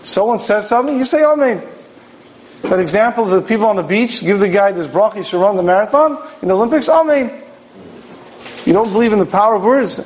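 A man with a notably high voice delivers a Torah sermon as a rabbi. He tells it as a story, poses rhetorical questions and slips into the characters' lines as he goes. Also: fast talker, rough recording.

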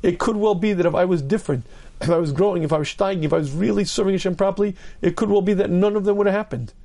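Brief: rabbi, lecture voice, gravelly and dark, emphatic. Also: male voice, high-pitched, racing. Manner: earnest, emphatic, repeats key phrases; clears throat often. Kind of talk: Torah lecture.

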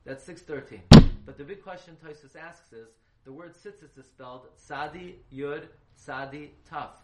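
A man's voice: on the high side, moderate pace. A man giving a halacha class, questioning his students and spelling words out letter by letter. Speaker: Torah teacher. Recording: echoey room, faint hiss.

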